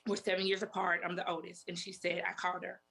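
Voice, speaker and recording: A woman in her forties, a talk show guest, telling her story in a halting way and repeating herself often. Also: fairly low pitch, flat delivery, gravelly, pushed and bright. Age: 40s. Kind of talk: emotional interview testimony.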